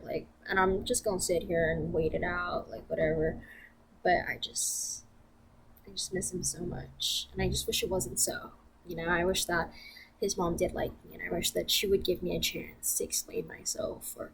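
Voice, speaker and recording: A woman's voice: fairly low pitch, gravelly, fairly bright tone, breathy edge. A young woman venting to camera in a casual vlog, blunt and profane, rambling with lots of fillers. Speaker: vlogger.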